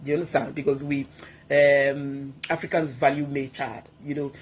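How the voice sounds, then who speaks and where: A woman speaks as a guest on a talk program. She exhorts her listeners in a forceful, preachy way and repeats key phrases to drive her points home. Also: a bass voice, little pitch movement, normal speed, slight background noise. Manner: emphatic, exhorting, repeats herself.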